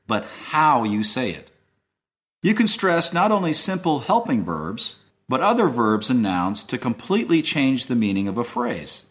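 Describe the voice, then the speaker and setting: A man hosting a scripted language lesson, explaining in a measured way. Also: mid-range voice, fairly bright tone. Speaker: host.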